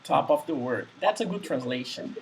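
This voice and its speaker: Male English teacher, husky, patient, repeats examples. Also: fairly high pitch, expressive, normal speed, rough recording. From Brazil. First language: Portuguese. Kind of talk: conversational English lesson.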